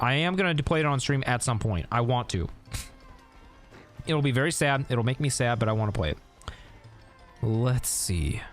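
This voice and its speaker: A man streaming a video game, talking casually as he plays, thinking aloud and answering chat, often breaking into laughter. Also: medium pitch. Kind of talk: casual gameplay commentary.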